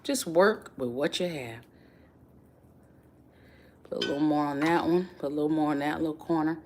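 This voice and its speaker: A woman hosting a home cooking video, chatting warmly with viewers and calling them y'all and baby. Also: sits low, moderate pace, slight background noise. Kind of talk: casual cooking demonstration to viewers.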